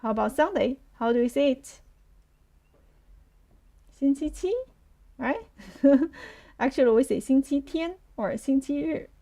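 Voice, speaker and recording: A woman's voice: high voice, a little slow, creaky, pauses often, mellow. A woman with a Chinese accent teaching a live online lesson, patiently repeating words for her learners.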